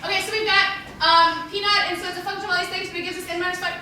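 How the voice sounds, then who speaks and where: A man's voice: very high-pitched, flat delivery, very fast, pushed and bright, exaggerated voice. A man voicing a flustered female engineering teacher who rambles defensively through her lecture. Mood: lecturing. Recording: echoey room from far off with noise.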